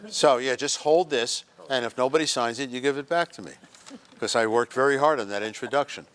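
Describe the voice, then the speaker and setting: Brisk and medium-pitched, his tone fairly bright, a man leads a humorous motivational workshop for a group at a senior center. He jokes and acts out short scenes and quotes as he goes.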